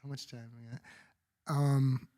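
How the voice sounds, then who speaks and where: A man's voice: medium pitch, level tone, unhurried, mellow. A man co-hosting a podcast in casual chat, rambling and restarting his thoughts as he goes. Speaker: podcast co-host.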